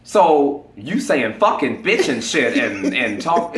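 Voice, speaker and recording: A man telling a funny story casually, animated and laughing often, acting out the voices of the people in it. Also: medium pitch, slow pace. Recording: roomy echo.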